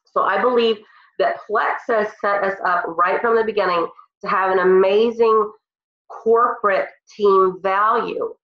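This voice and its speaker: A woman's voice: mid-range voice, steady tone, measured pace. Woman with a cold giving her team a pep talk, earnest and emotional, roomy muffled call sound. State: congested from a cold. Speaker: team leader speaking on a call. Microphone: phone or computer on a call. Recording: roomy, dull lo-fi call audio.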